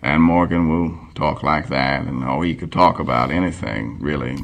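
A male voice actor doing an impression of a famous older male narrator, speaking slowly and grandly. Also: extremely low pitch, gravelly, no room sound, pitched below the performer's own voice. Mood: musing. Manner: slow, stately, musing delivery. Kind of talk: comedy voice impressions.

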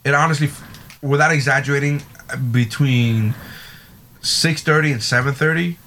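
A man's voice: mid-range voice, a bit bright, a little hiss or hum. A man chatting casually as a podcast co-host, telling a story with emphatic repetition and swearing. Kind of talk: casual chat.

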